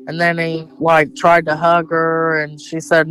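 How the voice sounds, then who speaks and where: A man's voice: on the high side, monotone, moderate pace, a bit bright, low-quality recording. A man with an Ohio accent telling a family story in casual, rambling speech full of fillers and retold dialogue. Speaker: interviewee, relative of the mother.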